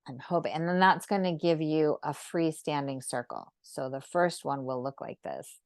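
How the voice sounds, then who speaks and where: A woman leading a live online geometry drawing lesson, speaking gently and unhurriedly and often checking in with "right?". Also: sits low, normal speed, no echo. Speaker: sacred geometry teacher.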